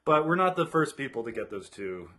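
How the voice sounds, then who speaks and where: A man co-hosting a podcast in casual chat, dry and quick with jokey asides. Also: medium pitch, big pitch swings, fairly bright tone. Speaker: podcast co-host.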